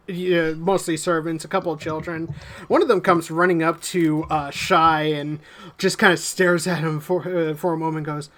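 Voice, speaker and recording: A man narrating a tabletop game as game master in a relaxed way, often pausing on "uh". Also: on the high side. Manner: relaxed, many "uh" fillers.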